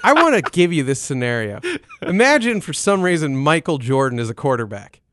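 A man co-hosting a casual sports chat, profane and animated, with mock-dramatic outbursts. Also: a little high, fairly quick. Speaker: podcast co-host.

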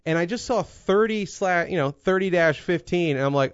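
A man's voice: high-pitched, moderate pace, clear, resonant tone, dry recording, lo-fi sound. A man co-hosting a casual podcast chat, rambling and profane, telling stories with lots of energy. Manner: rambling, profane, animated storytelling. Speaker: podcast co-host.

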